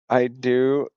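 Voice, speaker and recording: A man's voice: medium pitch, gravelly, warm tone, no echo, highs cut off. A man hosting a casual livestream from home, rambling, swearing and interrupting himself, laughing often. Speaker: livestream host. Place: home, indoors.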